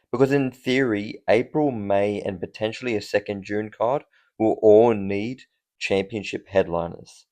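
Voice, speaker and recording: A man's voice: on the low side, a little mellow. A man from Australia giving a conversational solo opinion commentary on fight cards, with rhetorical questions and casual swearing. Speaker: MMA commentator.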